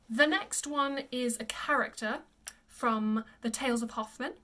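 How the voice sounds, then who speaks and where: A voice coach modeling words slowly. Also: female voice, fairly high pitch, fairly bright tone. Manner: models each word slowly and repeats it. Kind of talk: pronunciation lesson.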